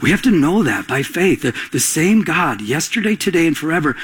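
A man's voice: a little high, expressive, brisk, hardly any pauses, fairly bright tone, breathy edge, low-quality recording. A man preaching a sermon, telling stories and calling for responses from the congregation. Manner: call-and-response preaching, rising emphatic. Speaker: pastor.

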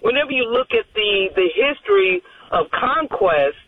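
A woman's voice: on the high side, big pitch swings, normal speed, slightly rough. A woman calling in to a radio show, rambling and losing her train of thought. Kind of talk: call-in phone conversation. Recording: tinny phone line.

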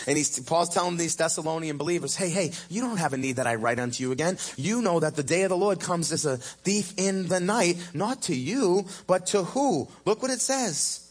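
A husky-voiced male pastor delivers a church sermon, rising to loud, emphatic peaks and dropping to low, hushed lines. Key phrases get stretched out slowly.

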